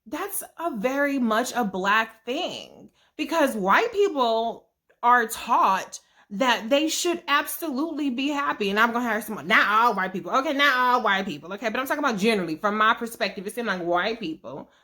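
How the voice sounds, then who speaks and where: A woman with a fairly high, bright and forceful voice talks through a TV recap in a loose vlog style. She swears freely, chats straight to her viewers and slips into quick acted-out voices for the people she quotes. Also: animated. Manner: profane, chatty, acts out quotes. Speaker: TV episode recap host.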